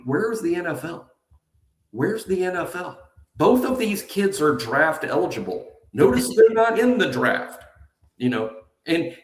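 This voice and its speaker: A man co-hosting a casual sports talk show, emphatic and often repeating himself. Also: a little high. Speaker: co-host. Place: nearly empty house being moved out of. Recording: echoey empty room.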